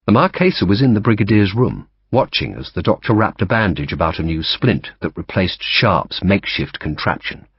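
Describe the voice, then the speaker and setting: A man narrating an audiobook in a lively storytelling manner, giving each character a voice. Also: sits low, normal speed, few pauses, husky, no echo. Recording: dull dry audiobook recording.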